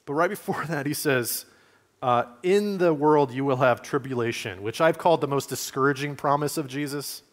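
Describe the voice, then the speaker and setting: A man's voice: mid-range voice, normal speed. A male pastor, giving a conversational sermon in a church and asking his listeners questions. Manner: conversational preaching, asks the congregation questions. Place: church sanctuary.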